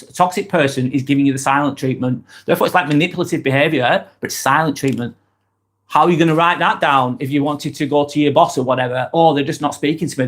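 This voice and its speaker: A man hosting a motivational livestream in casual talk, rambling and repeating words and phrases for emphasis. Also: medium pitch.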